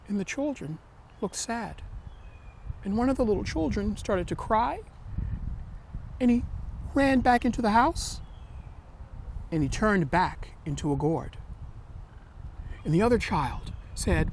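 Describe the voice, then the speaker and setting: Guy telling a folktale to all ages, slightly high voice, gentle and expressive, faint noise behind. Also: moderate pace. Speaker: storyteller.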